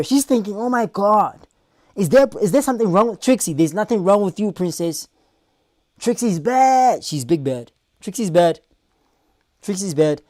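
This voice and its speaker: A man hosting a live reaction stream, loud and animated, with crude banter and put-on voices. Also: high voice, dry recording, clean studio sound.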